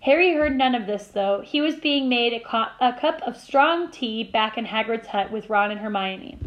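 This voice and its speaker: A woman teacher reading a novel aloud to her class, with steady storytelling and small slips she corrects. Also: on the high side, moderate pace, dull audio.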